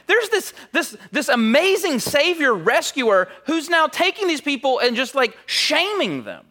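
A man's voice: very high-pitched, big pitch swings, normal speed, hardly any pauses, pushed and bright. A man preaching a sermon in a conversational, storytelling way, with frequent casual fillers.

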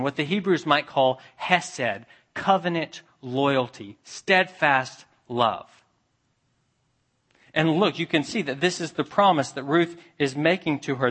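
A man preaching a sermon as pastor, earnest, dropping soft and low for the tender passages.

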